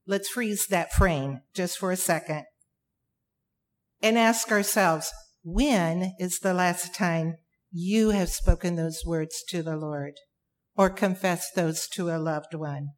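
A woman preaching a sermon, emphatic, with dramatic pauses and repeated phrases. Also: fairly low pitch.

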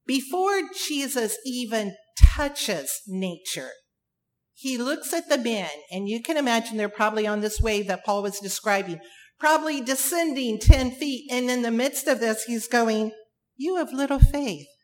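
A woman preaching a sermon, emphatic, with dramatic pauses and repeated phrases. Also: on the high side.

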